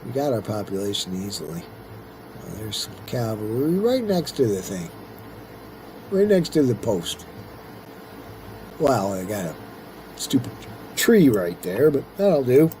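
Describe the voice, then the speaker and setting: A man's voice: mid-range voice, sing-song, a little slow, pauses often, mellow, slight background noise. A middle-aged man casually commenting on his own strategy gameplay, rambling and talking to himself as he plays. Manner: rambling, chatty, talks to himself while playing. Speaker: let's-play host.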